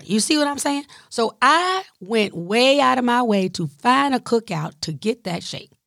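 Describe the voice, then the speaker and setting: A woman's voice: fairly high pitch, no echo, clean studio sound. A woman with a Southern US accent telling a personal caregiving story in a chatty, digressive way, with playful asides to her listeners. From Southern United States. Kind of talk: casual storytelling monologue.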